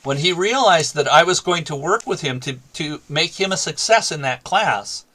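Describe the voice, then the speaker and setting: Here the ex-teacher's fairly high voice is expressive, pushed, and bright, delivered at a moderate pace. He narrates a classroom story in a talk show interview, taking on both voices in the conversation.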